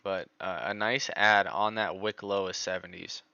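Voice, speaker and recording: A man streaming live stock trading, talking through charts in a casual, excitable way. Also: sits low, moderate pace, vocal fry, dry recording, lo-fi sound. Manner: excitable, groans over missed trades. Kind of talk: live market commentary.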